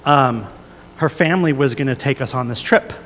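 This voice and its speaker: Amid slight background noise and a long hall reverb, a medium-pitched man in his 30s preaches a confessional sermon at normal speed. This pastor sounds earnest and a little emotional, using many fillers and restarts as he shifts from a soft, prayerful tone to a rising, emphatic one.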